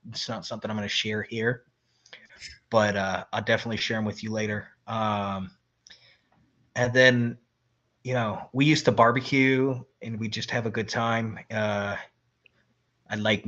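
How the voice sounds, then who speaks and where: A man's voice: mid-range voice, lo-fi sound. A man, an army veteran, casually telling stories about an old roommate, laughing often and acting out his friend's lines. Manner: relaxed, laughs often, imitates friends mid-story. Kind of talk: casual podcast storytelling.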